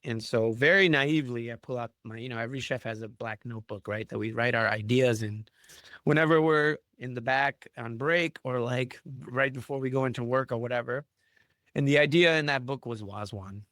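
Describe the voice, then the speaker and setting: A man in his thirties from Chicago tells kitchen stories in an easy podcast chat. He talks with animated swagger and casual swearing. His voice sits in the middle of the range and is recorded in a dry, close room. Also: medium pitch, fairly quick, no room sound. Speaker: chef and podcast guest.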